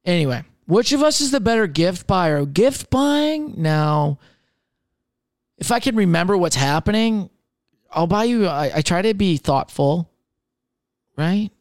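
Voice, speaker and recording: A man's voice: high voice, animated, unhurried, pauses often, no echo, clean studio sound. A young man hosting a comedy podcast on his own, chatting loosely, rambling, swearing freely and laughing at himself. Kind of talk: casual solo chat.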